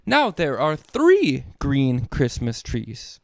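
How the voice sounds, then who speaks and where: Man, dad reading kids' books, playful sing-song read-aloud, slow and lively, dry close sound. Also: medium pitch, no echo. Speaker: children's book reader. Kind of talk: read-aloud storytelling for kids.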